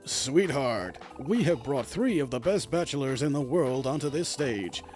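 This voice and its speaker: A theatrical showman announcer for a game's dating show, as a man reads him out. He stretches his words slowly and grandly, his voice swinging in lively arcs, with faint music behind. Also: mid-range voice, natural voice. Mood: showy. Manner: grandiose, slow, drawn-out.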